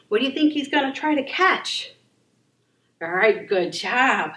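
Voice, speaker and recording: Woman children's yoga instructor, high-pitched and sing-song, unhurried; recorded far off in a reverberant room. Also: very animated. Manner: encouraging, gentle and sing-song. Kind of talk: leading a kids' yoga class. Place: library room.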